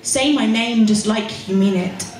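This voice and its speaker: A woman's voice: on the high side, a little slow, darkish tone, slight background noise. A young woman performing her spoken word poetry at a pub open mic, with rhythmic, emphatic delivery. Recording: echoey room recorded from far off.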